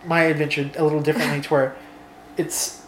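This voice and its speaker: A woman's voice: deep voice, level tone, quick pace, a little hiss or hum. A woman co-hosting and playing along in a casual chat, chatty and playful. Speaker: co-host and player. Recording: roomy echo.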